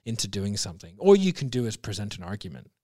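A man's voice: on the low side, big pitch swings, fast, dark tone, dry recording, studio quality. A man talking sales as a podcast guest, blunt and emphatic, swearing freely and restarting his sentences often. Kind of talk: casual podcast conversation.

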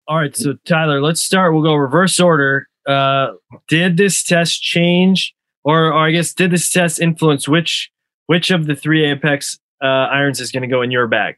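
A man's voice: fairly high pitch, fairly even intonation, moderate pace, fairly bright tone, no room sound. A man hosting a casual podcast discussion, thoughtful and leading the talk with questions.

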